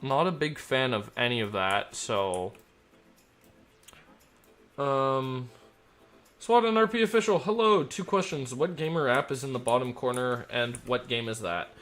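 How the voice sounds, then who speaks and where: A man's voice: medium pitch, unhurried, pauses often, a bit bright. Chatty male streamer running air traffic. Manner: loose and chatty, with many fillers and "like"; switches to crisp radio phraseology when controlling. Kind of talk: casual live-stream chat.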